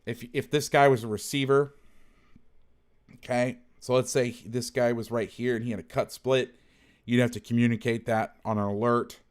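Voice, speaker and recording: A man talks through football game film in a casual, blunt way, swearing now and then and correcting himself mid-thought. His voice sits at a middling pitch. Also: fairly even intonation, moderate pace, clear, resonant tone. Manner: blunt, thinks aloud, self-correcting, salty language.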